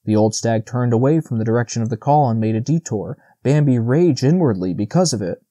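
A man narrating a classic children's novel as an audiobook, steady and even. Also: medium pitch, brisk, no echo, clean studio sound. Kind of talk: scripted narration.

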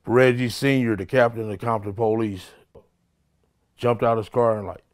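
A man in mid register tells street stories, swearing freely. He acts out what others said with animated, raised delivery. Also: medium pitch, brisk. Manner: profane, animated, acts out quoted people loudly. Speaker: interviewee. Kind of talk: street storytelling.

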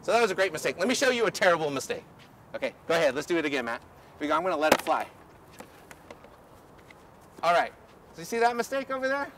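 A man coaching a group through drills outdoors, energetic and instructive, often checking in with "okay?". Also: high voice, a little hiss or hum. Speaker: ultimate coach. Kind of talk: outdoor coaching clinic demonstration. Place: outdoor field.

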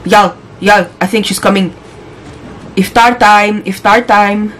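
A woman's voice: medium pitch, fairly even intonation, takes it slowly, a bit bright, a little hiss or hum, poor audio. A young woman playing a horror game, talking casually through it and shrieking when startled. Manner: jumpy, shrieks and exclaims when scared. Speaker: gaming YouTuber. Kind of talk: horror game let's play commentary.

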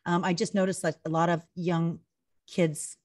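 Chatty animated woman, lower voice. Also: moderate pace. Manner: chatty, animated storytelling full of acted-out quotes; heavy use of "like" and "you know". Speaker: retired pro wrestler guest. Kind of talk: casual interview chat.

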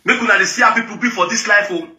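A man's voice: high voice, very fast, pushed and bright, distant mic. A man complaining in a shared video clip, aggrieved and repeating himself. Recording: echoey room.

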